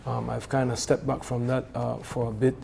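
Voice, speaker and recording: Man with a dark, mellow voice. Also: mid-range voice, a little fast, vocal fry, slight background noise. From Belize. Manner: animated, with many fillers and restarts. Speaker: music event organizer. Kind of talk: casual studio conversation.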